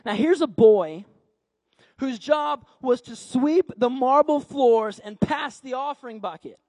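High-voiced male preacher telling a story. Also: dry recording. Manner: animated, repetitive, dramatic pauses. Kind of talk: sermon storytelling.

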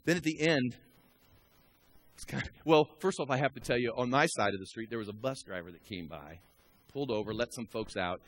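A man preaching a storytelling sermon who swings from a hushed murmur to shouting and exhorts the congregation directly. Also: medium pitch, expressive, fairly quick.

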